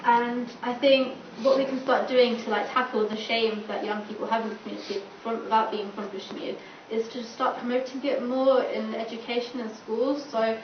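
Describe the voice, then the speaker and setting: A woman's voice: fairly high pitch, steady tone, moderate pace, hardly any pauses. Chatty young woman, distant echoey room. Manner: chatty, filler-heavy, acts out quoted dialogue. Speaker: student campaigner. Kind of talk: panel talk. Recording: distant, echoey, dull and noisy room recording.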